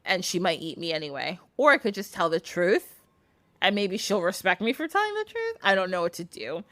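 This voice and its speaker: A woman's voice: mid-range voice, big pitch swings, a little fast, fairly bright tone, dry recording. A woman voicing a tired, nervous young girl from a folktale in a casual retelling. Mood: weary.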